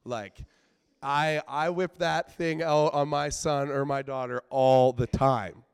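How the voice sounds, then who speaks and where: A man preaches a sermon in a chatty, earnest manner, peppering his talk with "like". His voice is smooth and clear, at a middling pitch for a man. The sound is dry and close, with no room echo. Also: steady tone, slow. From British Columbia, Canada. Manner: earnest, conversational, with frequent filler "like"; swings between soft, quiet asides and loud, emphatic outbursts.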